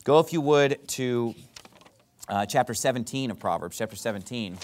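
A male pastor preaching a sermon to his congregation, asking rhetorical questions and dropping his voice softly to act out apologies. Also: animated, moderate pace. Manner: drops to a soft low voice to act out apologies.

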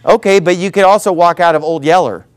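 A man preaching a sermon, talking in an animated way and sometimes mocking other preachers. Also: a little high, fast talker, smooth. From not from the American South.

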